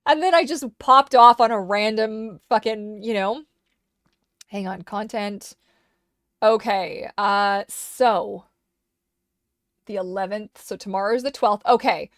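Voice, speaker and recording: A woman's voice: medium pitch, slow, pauses often, fairly bright tone, no room sound. Chatty streamer woman, dry close mic. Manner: rambling, chatty, many restarts. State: slightly losing her voice. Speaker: live streamer. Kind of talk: casual livestream chat. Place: home streaming desk. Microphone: desk microphone.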